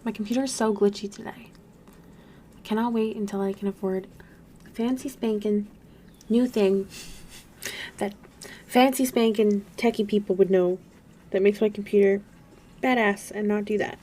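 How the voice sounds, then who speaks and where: A woman's voice: mid-range voice, fairly even intonation, moderate pace, long pauses, warm tone, slight background noise. A young woman chatting casually on a live stream while she draws, bubbly and gushing. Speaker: streamer and artist.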